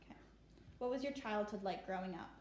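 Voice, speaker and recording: A woman conducting an oral history interview as a student interviewer, who asks questions politely and gently repeats them. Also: medium pitch, brisk, a little hiss or hum. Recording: echoey room.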